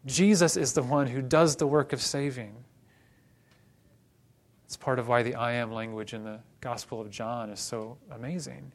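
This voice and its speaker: A man preaching a sermon in a relaxed, conversational voice of middle pitch. He is from Oklahoma and teaches patiently, dropping light joking asides as he explains. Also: moderate pace.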